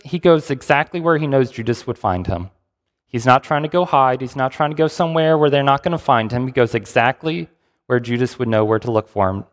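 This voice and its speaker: A man's voice: mid-range voice, long reverb tail. A man preaching a sermon, reading scripture and retelling it in a conversational way with restarts.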